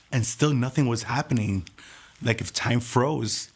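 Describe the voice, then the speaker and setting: A man telling his personal testimony in an earnest, soft-spoken way. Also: mid-range voice, measured pace, slightly rough. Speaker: testimony speaker.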